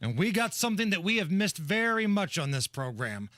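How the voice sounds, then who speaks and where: A man's voice: high voice, very animated, a little fast, fairly bright tone, dry recording, clean studio sound. A man co-hosting a talk radio show, setting up stories playfully. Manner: playful storytelling. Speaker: radio co-host. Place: radio studio.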